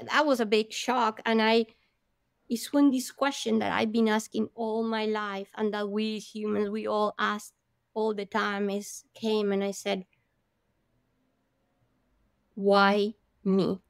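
Woman interview guest, slightly high voice, earnest animated storyteller, dry close sound. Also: clean tone, no room sound. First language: Spanish. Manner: animated, earnest, strings clauses with "and then".

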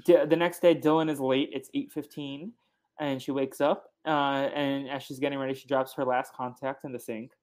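A man's voice: mid-range voice, level tone, a little mellow. A man hosting a podcast, chatting loosely about a film with many fillers. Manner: chatty, halting with fillers, acts out quotes. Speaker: podcast host. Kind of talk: casual chat recapping a film.

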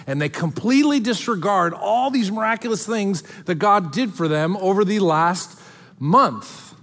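A man's voice: sits high, expressive, unhurried, fairly bright tone, long reverb tail. A man preaching as a pastor, moving between reading scripture aloud and casual, joking asides to the congregation. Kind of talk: sermon.

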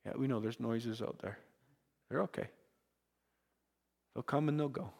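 A man's voice: medium pitch, measured pace, vocal fry, darkish tone, long reverb tail. A man preaching a sermon to young people, earnest, often repeating words as he builds a point. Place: church.

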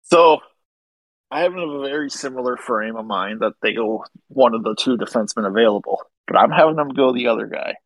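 A man's voice: mid-range voice, brisk, no echo, rough recording. A man co-hosting a casual sports podcast, talking eagerly and gushing about players he likes. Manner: enthusiastic, gushing about prospects. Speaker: podcast co-host. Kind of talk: casual hockey podcast chat.

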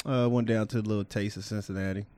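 A man's voice: lowish voice, fairly even intonation, fast, warm tone. A man co-hosting a casual podcast, blunt and laid-back, trailing off into fillers. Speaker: podcast co-host. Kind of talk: casual chat.

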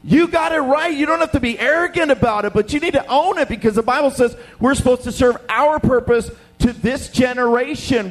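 A young man preaching a sermon, telling stories with lively acted-out voices. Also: very high voice, a little fast, hardly any pauses. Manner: animated storytelling, acts out voices. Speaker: pastor.

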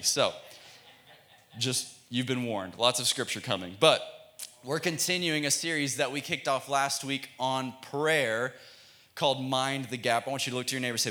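A young man, a student pastor, preaching a playful, energetic youth sermon in a church and calling for audience responses. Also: mid-range voice. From United States.

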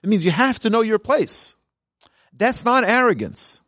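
A man's voice: sits high, expressive, unhurried, fairly bright tone, no echo, studio quality. A man, a rabbi, teaching a Talmud class in an earnest, emphatic way. He reads lines from the source text and then explains them in plain speech.

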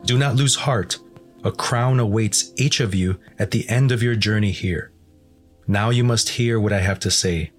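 Brief: solemn encouraging preacher guide, low voice, read by a man. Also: moderate pace, faint music behind, close to an everyday voice. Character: kindly older male preacher guide.

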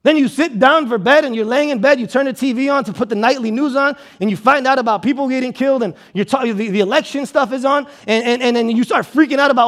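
A man preaching a sermon in an animated way, acting out anxious inner voices and often repeating words. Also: very high voice, quick pace, hardly any pauses. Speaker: pastor.

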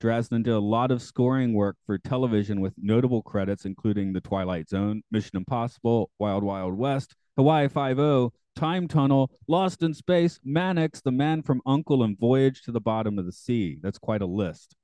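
A man's voice: mid-range voice, moderate pace, few pauses, warm tone, no echo. A man hosting a podcast, reading show notes and chatting casually in a rambling, hedging way. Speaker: podcast host.

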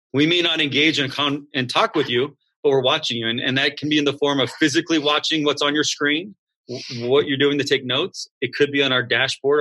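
In a casual interview, a school's founder talks with a medium-pitched voice. He slips into quick impressions of students and coaches.

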